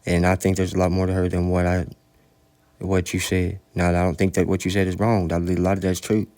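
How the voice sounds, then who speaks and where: A man with a very deep, low voice holds forth in a rambling monologue. He sounds preachy and profane, circling back on his points as he lectures. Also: completely flat delivery, brisk, darkish tone.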